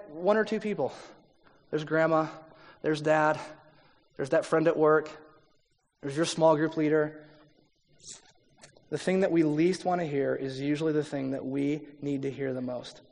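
Male pastor, conversational sermon, quoting people in voices, long hall reverb. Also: high-pitched. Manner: conversational, asks the audience questions; acts out quoted people in voices.

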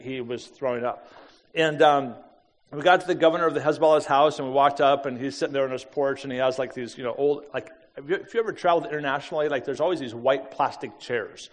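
A middle-aged man telling a personal story with lively energy, often laughing and acting out the voices of the people in it. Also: medium pitch, fairly quick. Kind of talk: animated storytelling talk. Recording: long hall reverb.

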